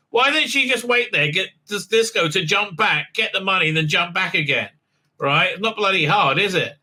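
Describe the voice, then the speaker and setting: A man's voice: high voice, lively intonation, moderate pace, pushed and bright, low-quality recording. A man hosting a sarcastic, casual TV episode recap, mocking and rambling with many fillers. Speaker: host and TV reviewer.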